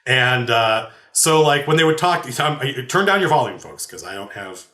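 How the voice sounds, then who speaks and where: A man's voice: medium pitch, big pitch swings, moderate pace, sharp tone. A man and game master telling a story from his tabletop game in a rambling, laughing way with many restarts. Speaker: game master and podcast host. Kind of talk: casual anecdotal storytelling. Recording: roomy echo.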